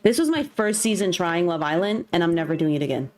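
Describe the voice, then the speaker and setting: A woman's voice: lowish voice, sing-song, fast talker, darkish tone. A young woman livestreaming from home, ranting bluntly in casual chat with faint music behind. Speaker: streamer. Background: faint background music.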